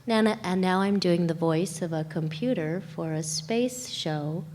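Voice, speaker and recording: A woman's voice: fairly low pitch, a little slow, a little mellow, a little hiss or hum. A woman voice actress chatting on a convention panel, laughing often and searching for words as she talks. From Los Angeles. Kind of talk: casual panel talk.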